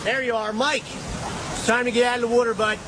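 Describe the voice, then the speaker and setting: A man's voice: very high voice, little pitch movement, quick pace, music in the background. A man playing a nagging Philly guy at the water. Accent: Philadelphia. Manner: nagging, pleading, repetitive. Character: exasperated Philly man yelling at a swimmer, impatient, hungry. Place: outdoors by the water. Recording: noisy outdoor video audio with surf.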